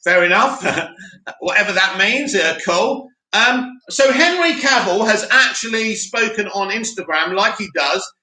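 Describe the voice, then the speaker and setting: A man with a high, very bright, forceful voice hosts a live stream, chatting animatedly and reading out viewer comments. His voice rings in an echoey room. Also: expressive, measured pace. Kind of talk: casual live-stream chat. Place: home studio in Cyprus.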